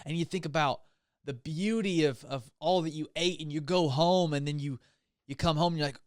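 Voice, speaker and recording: A man's voice: a little high, normal speed, no echo, clean studio sound. A man hosting a comedy podcast, rambling through a hyped, mock-enthusiastic monologue. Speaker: podcast host.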